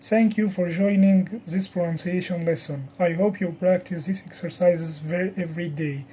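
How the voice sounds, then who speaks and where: Woman, pronunciation teacher, scripted lesson, careful exaggerated articulation, mellow tone. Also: fairly low pitch, fairly even intonation, a little hiss or hum. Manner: slow, careful, exaggerated articulation of example words.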